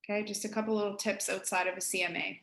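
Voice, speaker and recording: A woman with an East Coast Canadian accent, a real estate agent giving colleagues a casual, direct software tutorial. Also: mid-range voice, flat delivery, fast talker, echoey room, a little hiss or hum. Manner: chatty, direct, addresses listeners as guys.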